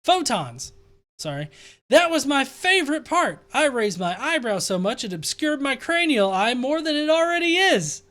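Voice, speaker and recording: A young man hosts a casual live stream, reading viewer comments aloud and reacting with sarcastic laughter. His talk is loose and profane, broken up by chuckles and throat-clearing. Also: very high voice, sing-song, moderate pace, sharp tone. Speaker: show host.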